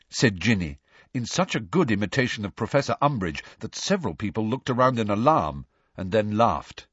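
Brief: measured male storyteller, expressive, dry close recording. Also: on the low side, husky, dry recording. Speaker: audiobook narrator. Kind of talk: scripted narration. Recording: dry, slightly dull recording.

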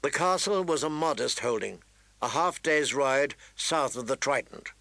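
A man reading a fantasy novel aloud in steady, dramatic storytelling narration. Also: medium pitch, unhurried, gravelly, no echo. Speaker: audiobook narrator. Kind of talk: scripted narration.

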